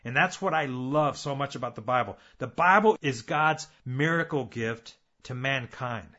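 A man's voice: a little high, lively intonation, normal speed, sharp tone, lo-fi sound. A man preaching a sermon, earnest and building his points with repeated phrases and rhetorical questions.

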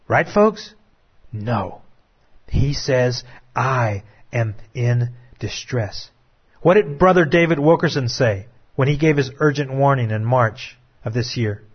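A man delivers a dramatic sermon in a husky voice, dropping to hushed, drawn-out lines before rising to urgent appeals. The recording is dull and lo-fi. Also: mid-range voice. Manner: dramatic preaching, swings from hushed to raised. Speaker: preacher.

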